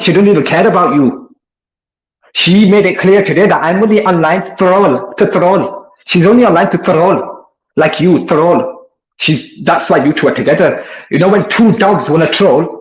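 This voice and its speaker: A man's voice: a little high, dull audio. A man, delivering a combative, taunting monologue aimed at an online rival. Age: 20s. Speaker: online commentator. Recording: roomy echo.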